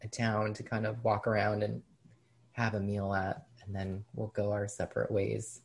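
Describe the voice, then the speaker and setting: Deep-voiced woman telling a personal story. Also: flat delivery, creaky. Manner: reflective, with frequent "um" pauses and soft laughs. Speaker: podcast guest. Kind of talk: casual conversational storytelling.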